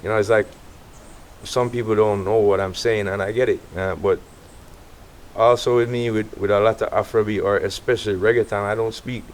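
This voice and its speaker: Low-voiced Jamaican man telling stories. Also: a little fast, slight background noise. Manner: relaxed, animated storytelling with quoted voices. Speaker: interview guest, artist. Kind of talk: casual storytelling interview.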